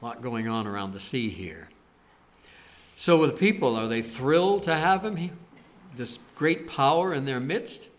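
A man giving a conversational sermon, retelling scripture stories with animated quoted lines. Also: mid-range voice, a little slow. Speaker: preacher.

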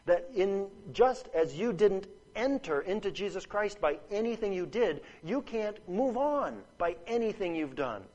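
A man with a high voice delivers a sermon, earnest and emphatic. He presses his points through repeated phrases and keeps checking in with his listeners. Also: lively intonation, unhurried, few pauses, darkish tone, lo-fi sound. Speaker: preacher.

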